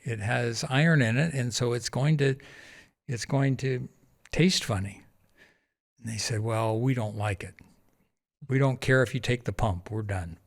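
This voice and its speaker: Podcast guest, male, mid-range pitch, animated storyteller who does the voices of others and laughs often. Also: a little slow, gravelly, long pauses. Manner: animated anecdote-telling, acting out quoted voices, laughs often. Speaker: podcast guest, charity founder. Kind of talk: casual storytelling interview.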